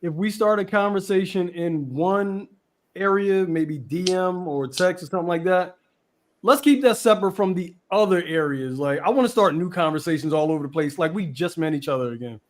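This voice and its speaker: A man chatting on a podcast in a calm, measured way. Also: sits high. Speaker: podcast co-host. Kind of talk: casual podcast chat.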